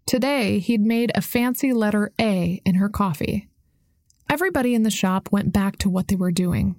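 Reading from a script, a woman narrates an audiobook in a level, measured manner. Her medium-pitched voice comes through clean studio audio without any echo.

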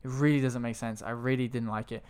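A man co-hosting a casual film chat, ranting with animated energy and heavy swearing. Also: mid-range voice, quick pace, clear, resonant tone.

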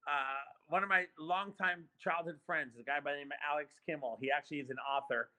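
A man in his fifties chatting casually on a podcast, telling stories in a lively, animated way. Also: a little high, fairly quick, low-quality recording. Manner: animated storyteller, lively retelling of arguments.

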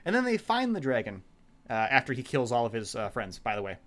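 A man in casual chat, recapping a show in a rambling, profane way and quoting the characters in quick voices. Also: medium pitch, wildly swooping pitch.

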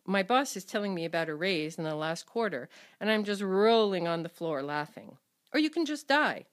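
Wry woman narrator, lively pitch, dry close sound, scripted lesson read. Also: normal speed, no echo. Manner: reads Russian examples then English translations, dry wry asides. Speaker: language columnist reading her column.

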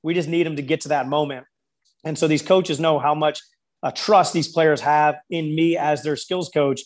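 A basketball skills coach tells stories in an interview conversation, quoting people in lively voices. His voice is a little high and his speed normal.

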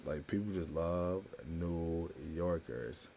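A man's voice: deep voice, takes it slowly, mellow, slight background noise. A young man from Harlem with a New York accent, talking brashly and profanely to his viewers in a rambling, casual monologue full of "like". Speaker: vlogger.

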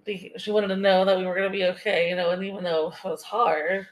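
A woman's voice: mid-range voice, flat delivery, fast. A woman co-hosting a podcast, talking emotionally in casual chat with many "you know"s. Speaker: podcast co-host.

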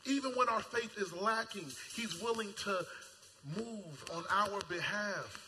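Male preacher, high and sharp-toned, animated and colloquial, sermon in a reverberant hall. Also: a little slow, faint music behind. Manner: animated, acts out voices, shouts at peaks; casual colloquial speech. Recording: long hall reverb, faint ambience.

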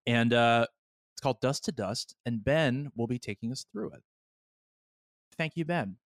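A man's voice: mid-range voice, a little slow, dry recording, clean studio sound. A man hosting a casual podcast, hurrying his co-hosts along with mock impatience. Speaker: podcast host.

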